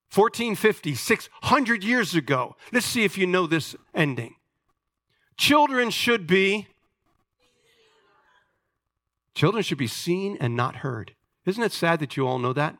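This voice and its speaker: A man's voice: sits high, pushed and bright, dry recording, studio quality. A man preaching a sermon as pastor, talking emphatically and calling on the congregation for amens.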